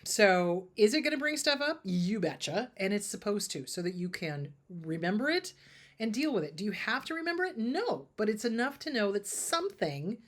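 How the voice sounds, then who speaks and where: A middle-aged woman therapist answering viewer questions in a casual, animated way, acting out the dialogue she quotes. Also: medium pitch, normal speed. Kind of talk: casual advice talk.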